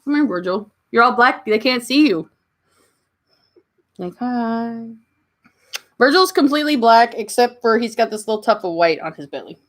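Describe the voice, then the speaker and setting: Southern woman with a higher voice. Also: lively intonation, normal speed, pauses often. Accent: Southern US (Kentucky). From Kentucky, USA. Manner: chatty, answers chat comments warmly, coos at her pets. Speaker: livestream host. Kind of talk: casual livestream chat.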